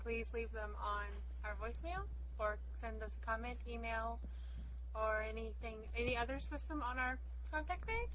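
A woman's voice: a little high, normal speed, a bit bright, a little hiss or hum, poor audio. A woman co-hosting a fan podcast in casual chat, talking freely and correcting herself mid-sentence. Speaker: podcast co-host.

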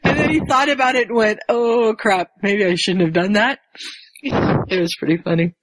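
A woman's voice: mid-range voice, steady tone, normal speed, no room sound. A woman who works with small children, chatting casually and telling amused anecdotes. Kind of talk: casual chat.

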